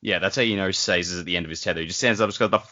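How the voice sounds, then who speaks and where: A man's voice: deep voice, rapid-fire, sharp tone. A man co-hosting a book podcast, tossing in wry, sarcastic asides about the characters. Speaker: podcast co-host. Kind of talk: casual book-club chat. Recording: dull, dry home podcast mic.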